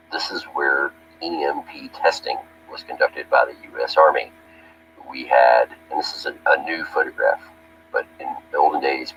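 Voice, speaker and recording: A man's voice: extremely low pitch, vocal fry. A man who worked on Army power systems, narrating over his photographs in a rambling, plainspoken way with many fillers. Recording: dull lo-fi recording with faint music.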